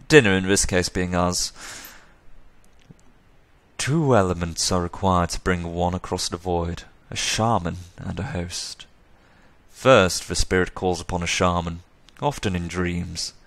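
A man's voice: deep voice, fairly bright tone, no echo. A man voicing a flippant, condescending male elf who lectures at length with sarcasm.

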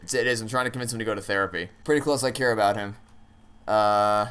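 A man's voice: lowish voice, fast, a bit bright, a little hiss or hum. A man playing through a story game, thinking aloud with hesitant, stammering restarts and casual swearing. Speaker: let's play gamer.

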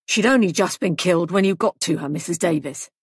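A woman's voice: fairly low pitch, fairly quick, breathy edge, dry recording, studio quality. A woman voicing a stern male police sergeant in an audiobook, speaking in a firm, clipped, probing way. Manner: firm, clipped, pressing questions.

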